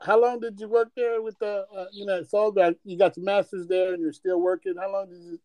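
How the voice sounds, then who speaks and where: A man hosting a podcast, reacting with encouragement and asking quick follow-up questions in casual chat. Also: high-pitched, level tone, darkish tone, dry recording. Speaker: podcast host.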